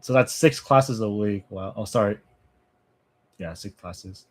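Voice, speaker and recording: A man chats loosely with his viewers on a livestream, often breaking into laughter. His talk wanders, with half-finished thoughts and quick asides. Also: fairly low pitch. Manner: chatty, laughs often, thinks aloud with trailing asides. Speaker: language-learning streamer. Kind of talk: casual livestream chat with viewers.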